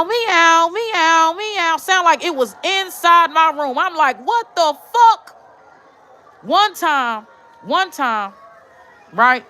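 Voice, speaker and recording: Bright, lively-voiced woman vlogger. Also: high-pitched. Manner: rambling, with frequent tag questions and swearing. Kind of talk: casual storytelling vlog.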